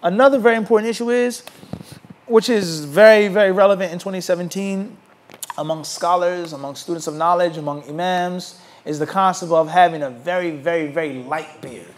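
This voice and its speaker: A man with a fairly high voice gives a religious lecture to a class. He keeps pausing to ask the students to finish his sentences. He turns animated when he mocks the views he argues against. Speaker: Islamic teacher.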